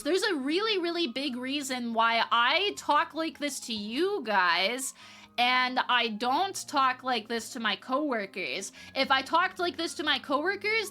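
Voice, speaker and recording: Brief: young woman streamer, high voice, casual and profane, faint music under. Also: expressive, normal speed, pushed and bright. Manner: chatty, swears casually, reads chat aloud. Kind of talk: casual live-stream chat with viewers.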